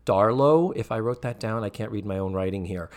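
A man's voice: lowish voice, brisk, smooth. A man co-hosting a podcast, chatting casually as he recaps a sitcom episode and acts out the characters in exaggerated voices. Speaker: podcast co-host.

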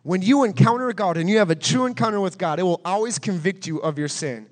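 In a large, echoing hall with long reverb, a pastor preaches fast and emphatically, pressing each point through repetition and questions to his listeners. His voice sits high for a man.

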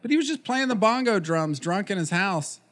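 A man's voice: sits high, expressive, normal speed, a bit bright. A man co-hosting a podcast in casual chat over beer, laid-back and chatty. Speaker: podcast co-host.

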